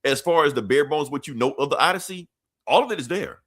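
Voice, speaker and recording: A man co-hosting a podcast in casual chat, talking in an animated, profane way and laughing often. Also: on the high side, fast talker. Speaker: podcast co-host.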